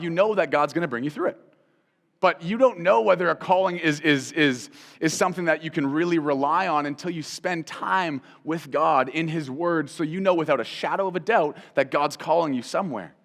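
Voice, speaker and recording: Animated male Bible teacher, higher-pitched. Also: in a large hall. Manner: animated, repeats phrases for emphasis, asks the listener direct questions. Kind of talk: conversational Christian teaching.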